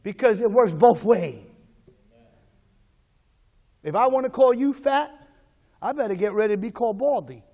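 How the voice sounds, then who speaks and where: A man pastor preaching a sermon, calling the congregation to repeat after him, moving between hushed prayer and loud exhortation. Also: high-pitched, animated, moderate pace, long pauses, muffled recording.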